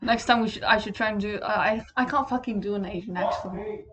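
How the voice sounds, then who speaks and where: A woman's voice: medium pitch, brisk, background noise. A young woman from England co-hosting a casual podcast, blunt and sweary, laughing often as she chats with a friend. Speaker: podcast co-host. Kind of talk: casual chat.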